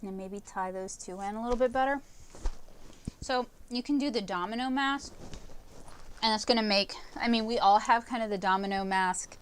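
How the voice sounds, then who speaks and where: A woman teaching watercolor painting on a livestream, talking casually and in halting phrases while she paints. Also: medium pitch, slight background noise. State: talking with a candy in her mouth. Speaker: art instructor.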